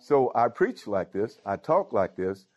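A man's voice: mid-range voice, big pitch swings, measured pace, darkish tone, highs cut off, a little hiss or hum. A pastor preaching a sermon. He talks informally and keeps calling out to his congregation. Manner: informal preaching with frequent call-outs to the congregation. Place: church.

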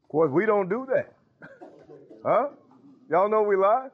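A man's voice: sits high, expressive, a little slow, slightly rough. Emphatic preaching man over a tinny line. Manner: emphatic preaching with call-and-response interjections. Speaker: pastor. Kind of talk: sermon. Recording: tinny phone-like sound.

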